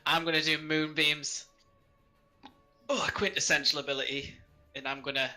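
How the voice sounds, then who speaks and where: A man's voice: fairly high pitch, level tone, pushed and bright, faint music behind, low-quality recording. A man playing a tabletop game, talking casually and in stops and starts as he casts spells. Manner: chatty, stop-start, quick to laugh. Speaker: player casting spells.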